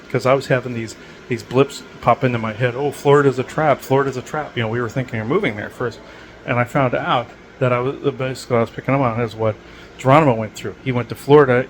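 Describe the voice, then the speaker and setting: A man's voice: mid-range voice, slight background noise, poor audio. A man hosting a podcast, talking in a rambling, digressive way with many fillers. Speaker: podcast host. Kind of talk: rambling casual monologue.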